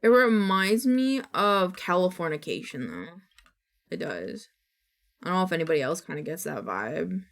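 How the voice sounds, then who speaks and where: A woman's voice: lowish voice, big pitch swings, normal speed, vocal fry. Rambling, chatty woman streamer. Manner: rambling and chatty, casual swearing, frequent restarts. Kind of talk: casual live-stream chat.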